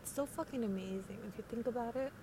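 Talking fast in a slightly high voice, a teenage podcast host rambles through a late-night monologue by a window at night. She's congested from a cold, slangy, giggly and prone to swearing, with faint hiss in the background.

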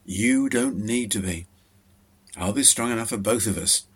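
A man's voice: on the low side, moderate pace, slightly rough. A man playing a devoted fiancé who speaks firmly and reassuringly, with a touch of cheerful bossiness. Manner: firm, reassuring and cheerfully bossy.

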